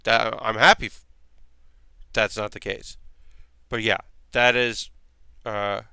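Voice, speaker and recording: Man, livestream host, bright voice, dry close sound, rambling casual chat, swears a lot. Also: lowish voice, level tone, takes it slowly, gravelly, smooth, dry recording. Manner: rambling, profane, answers chat aloud.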